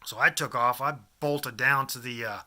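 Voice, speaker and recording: A man's voice: medium pitch, normal speed, bright, forceful tone. A man in his fifties from the American Midwest, telling a rambling personal story to camera with many restarts and asides. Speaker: vlogger.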